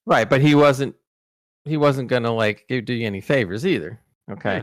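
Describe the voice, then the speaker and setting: A podcast co-host with a mid-range voice recalls celebrity interviews through long, rambling stories, stumbling over words, restarting and circling back with lots of fillers. He talks at a normal speed, and the sound is dry and close-miked with no room around it.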